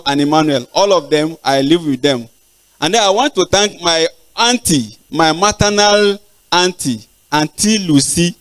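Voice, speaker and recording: An older man with a Nigerian accent, a professor giving thanks in a lecture, speaking haltingly with pauses and repeated words. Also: fairly high pitch. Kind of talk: acknowledgements in a formal lecture. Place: large auditorium.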